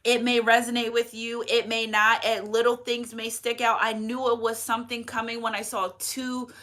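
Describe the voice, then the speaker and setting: A woman's voice: a little high, level tone, moderate pace, fairly bright tone. A woman in her thirties giving a casual spiritual reading as a medium, chatty and rambling, emotional, with many restarts and asides. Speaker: tarot reader and medium.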